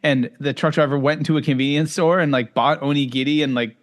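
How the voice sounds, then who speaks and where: A man hosting a podcast who reflects in a relaxed way during casual interview chat, with soft fillers. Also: a little high, fast talker. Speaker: podcast host.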